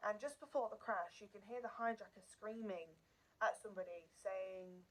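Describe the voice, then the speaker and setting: A woman's voice: medium pitch, normal speed, poor audio. A woman hosting a true crime channel, telling the story in a casual, unscripted way. She is earnest and emotional and repeats words for emphasis.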